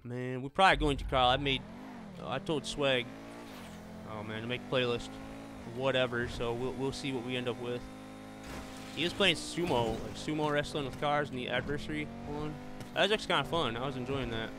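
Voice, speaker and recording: A male streamer commentates his racing game live. His voice sits at an ordinary middle pitch, and he keeps up a chatty stream of exclamations aimed at viewers and friends. Game music plays clearly underneath. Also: fairly quick.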